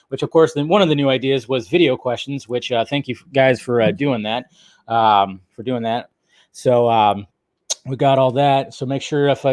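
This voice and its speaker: A man's voice: a little high, dry recording, clean studio sound. Rambling, cursing male stream host. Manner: rambling, loose and profane, talks straight to viewers. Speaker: host of a film news live stream. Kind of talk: casual live-stream chat reading viewer comments.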